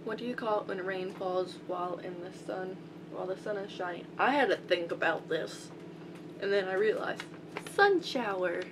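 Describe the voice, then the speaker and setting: A woman's voice: medium pitch, moderate pace. A young woman from Georgia with a Southern accent, chatting casually as she reads a list of words and questions aloud, with rambling asides. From Albany, Georgia, US. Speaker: vlogger. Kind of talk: casual accent-tag video. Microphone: built-in laptop mic. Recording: loud hum and static from a laptop mic.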